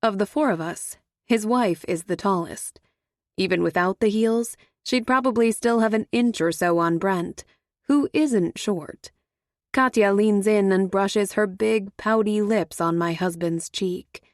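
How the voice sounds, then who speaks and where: A woman narrating a first-person audiobook thriller in a measured, wry way. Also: mid-range voice, no echo, studio quality.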